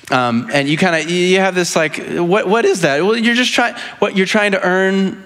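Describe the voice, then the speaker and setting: Here a pastor speaks at a moderate pace with few pauses, his high-pitched voice lively in intonation and a bit bright. His sermon is conversational and earnest, full of restarts and frequent "right?" questions to the congregation.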